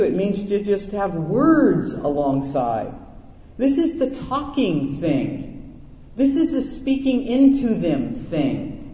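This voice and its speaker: A man's voice: high voice, mellow, a little hiss or hum. A middle-aged male pastor preaching a sermon, telling stories in a folksy, conversational way. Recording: echoey hall, dull lo-fi sound.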